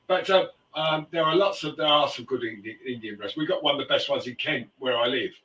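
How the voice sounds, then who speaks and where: Rambling talk-show host, bright, roomy sound. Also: male voice, medium pitch, quick pace. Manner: rambling storyteller, frequent restarts and fillers. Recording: roomy, distant mic.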